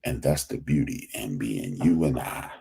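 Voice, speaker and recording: A man's voice: very deep voice, lively intonation, measured pace, creaky, dark tone, husky. A man hosting a podcast, talking in an emphatic, preachy way and repeating phrases for stress. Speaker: podcast host. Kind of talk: casual commentary monologue.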